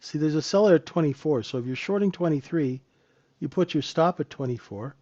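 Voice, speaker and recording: A slightly high, dark-toned man speaks briskly and with animation, heard through a muffled recording. As a trading instructor in a live trading room, he breaks down charts in a loose teaching style and takes viewers' questions along the way. He talks conversationally, tagging on "right?" rhetorically.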